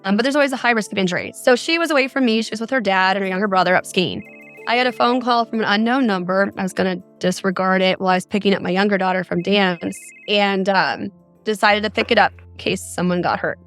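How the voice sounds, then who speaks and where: A woman's voice: medium pitch, quick pace, fairly bright tone, soft background music. A middle-aged woman from Arizona, a mother of four, earnestly recounting a frightening experience as a guest on a podcast. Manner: earnest, detailed storytelling.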